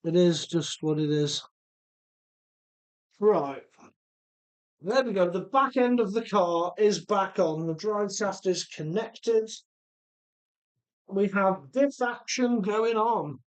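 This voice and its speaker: A man's voice: high-pitched, lively intonation, slow, long pauses. A middle-aged man from Telford, chatting casually while repairing a remote-control car and reading out viewer comments. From Telford, English Midlands. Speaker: RC car channel host.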